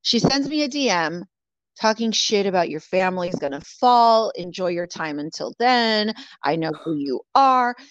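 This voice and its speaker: A woman's voice: mid-range voice, expressive, normal speed, dry recording. A woman from California telling a story in casual chat, bluntly, with lots of swearing and "like" fillers. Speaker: guest. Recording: dull lo-fi dry audio.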